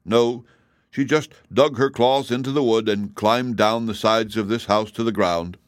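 A man voicing a gruff old male cab horse in an audiobook reading. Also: fairly low pitch, fairly even intonation, unhurried, no echo, clean studio sound, close to an everyday voice. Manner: gruff, chuckling.

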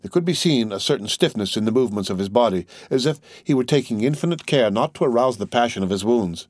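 A man narrating a classic novel as an audiobook in a measured, even reading. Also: medium pitch, no echo, clean studio sound.

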